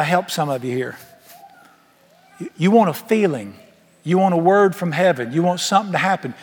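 High-voiced folksy preacher in a hall. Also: male voice, slight background noise. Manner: folksy, emphatic preaching with rhetorical questions. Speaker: pastor. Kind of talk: sermon. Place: large church auditorium.

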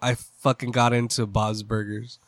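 A man's voice: mid-range voice, flat delivery, normal speed, no room sound, studio quality. A young man co-hosting a casual chat, laid-back and swearing offhandedly. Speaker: co-host.

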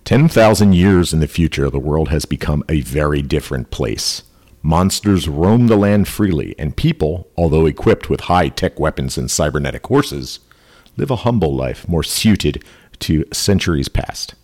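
A podcast host who keeps things loose and jokey, rattling through his notes in quick bursts. His voice sits deep and low. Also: expressive, darkish tone. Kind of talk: casual podcast chat.

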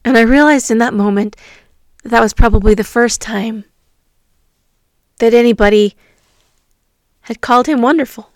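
A woman, a teacher, telling a personal story from her classroom in a reflective, earnest way, pausing often. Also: a little high, no room sound, studio quality. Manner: reflective, earnest, with pauses and fillers.

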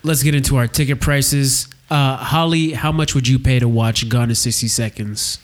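A man's voice: mid-range voice, steady tone, normal speed. Blunt man hosting a movie podcast. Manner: blunt, casual, leads the segments. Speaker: podcast host. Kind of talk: casual movie review chat.

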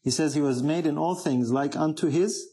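A man's voice: fairly high pitch, moderate pace, dark tone. A man preaching a sermon, emphatic, often asking the congregation questions.

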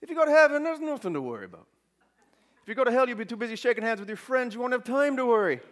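A man's voice: very high voice, sing-song, rapid-fire, fairly bright tone, voice pushed up, heavily acted. A man putting on an Irish accent to voice a joking Irishman reciting a proverb. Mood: jolly. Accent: put-on Irish.

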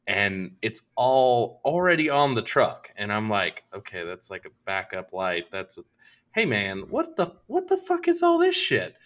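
A young adult man tells a long, profane story to friends. His voice sits low yet rings bright and forceful. He acts out each person in the conversation with animated quoted lines. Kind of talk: casual storytelling with quoted dialogue.

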